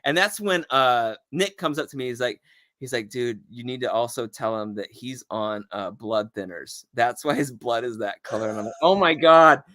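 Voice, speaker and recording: A male comedian guest telling a long, animated story in casual chat, acting out the voices of people he quotes. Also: mid-range voice, moderate pace.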